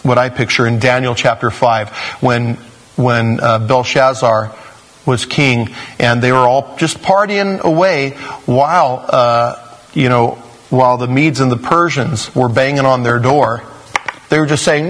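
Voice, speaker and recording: A male pastor teaching through a Bible passage in a conversational way, acting out quoted voices with sudden jumps in pitch. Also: a little slow, a bit bright. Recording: long hall reverb.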